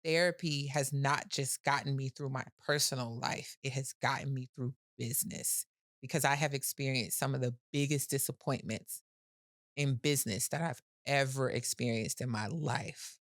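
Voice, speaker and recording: A woman's voice: rumbling low, fairly even intonation, moderate pace, no echo, studio quality. A woman guest on a podcast, a business owner talking candidly in casual conversation, often laughing and repeating words as she starts sentences.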